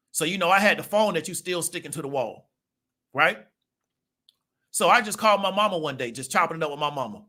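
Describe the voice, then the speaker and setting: Male host, fairly high and forceful voice, casual storytelling monologue with constant check-ins to the listener. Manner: conversational, peppers talk with "right?" and "you feel me?". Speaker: channel host.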